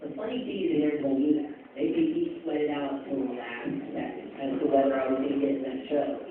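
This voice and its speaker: A man telling animated stories as a voice actor guest at a convention panel, laughing and quoting others. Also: mid-range voice, quick pace, loud music behind the voice. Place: large convention panel room. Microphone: phone in the audience. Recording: echoey hall, tinny phone recording from far off.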